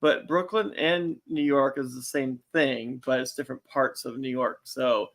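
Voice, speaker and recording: Man, co-host, casual chat, easygoing, mid-range pitch. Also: steady tone, unhurried, a bit bright. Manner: easygoing, retells conversations plainly.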